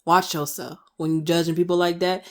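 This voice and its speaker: Her pitch is fairly low and her delivery flat and brisk, yet this vlogger in her twenties rants passionately to camera, firing off emphatic rhetorical questions.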